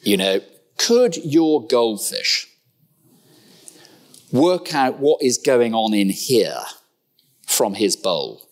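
A man preaching a sermon in a church, animated and humorous, firing rhetorical questions at his listeners. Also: mid-range voice, drawn-out words, pauses often.

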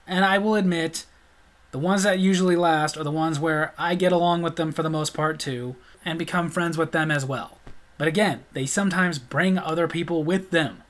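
A man's voice: a little high, steady tone, moderate pace, fairly bright tone. A middle-aged man telling stories in a casual vlog, blunt and sarcastic. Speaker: storyteller.

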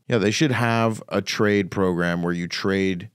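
Man, comedian podcast host, casual profane rant, deeper voice. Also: steady tone, a little slow, smooth, no room sound, clean studio sound. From Canada. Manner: blunt, profane, opinionated ranting.

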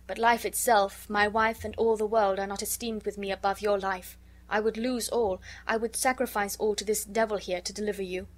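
A woman reading the lines of an earnest young man in deep grief for his friend, in a storybook. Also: fairly even intonation, moderate pace, lightly acted. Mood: anguished. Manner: earnest, grieving.

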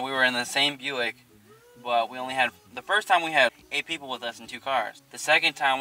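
A young man casually telling a spooky story, animated and profane, laughing often. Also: mid-range voice, smooth. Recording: distant mic.

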